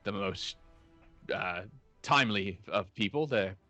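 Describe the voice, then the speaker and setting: A man narrates a tabletop game as game master, rambling through scenes with plenty of ums. His voice sits low but comes across bright and forceful. The sound is dry and close, with faint music in the background. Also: slow, no echo. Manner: rambling, lots of fillers, laughs easily.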